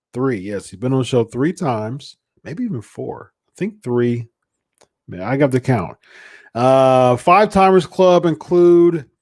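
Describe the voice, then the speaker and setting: A man's voice: medium pitch, darkish tone, no echo, studio quality. A man hosting a live podcast, chatting casually and chuckling, often repeating himself. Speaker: podcast host. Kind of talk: casual live-stream chat.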